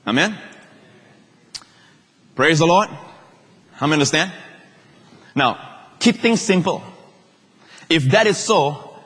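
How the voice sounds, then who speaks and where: A male pastor preaching a sermon in an emphatic way, repeating phrases and moving between shouts and quiet asides. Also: fairly high pitch, slightly rough. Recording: long reverb of a large hall.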